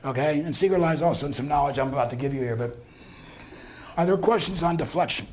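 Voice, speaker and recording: Chuckling man giving a lively lecture. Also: a little high, fast, a little hiss or hum. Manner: storytelling, acts out dialogue, chuckles often. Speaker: lecturer on conflict talk.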